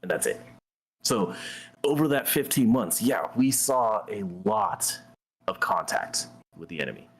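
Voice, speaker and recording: Very deep male voice, casual storytelling, blunt and profane, streamer host. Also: very animated, measured pace, slightly rough. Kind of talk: casual storytelling while gaming.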